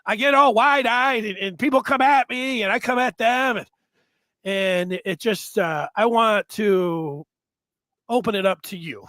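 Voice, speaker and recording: Excitable high-voiced man hosting sports talk. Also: unhurried, dry recording. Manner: excitable, rambling storyteller. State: slightly hoarse from a cold. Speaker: sports podcast host.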